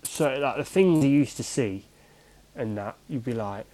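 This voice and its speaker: A man of middle pitch, a former goalkeeper, tells stories as a guest in a relaxed interview. His talk rambles and restarts often. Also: a little slow, rough recording. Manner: rambling, conversational, many restarts and fillers. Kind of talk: casual storytelling in an interview.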